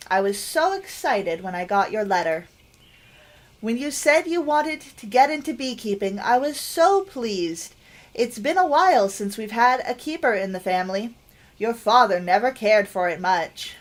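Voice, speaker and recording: A woman's voice: fairly high pitch, animated, measured pace. A woman voicing a fussy, doting elderly grandmother who fires off caring questions. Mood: fond.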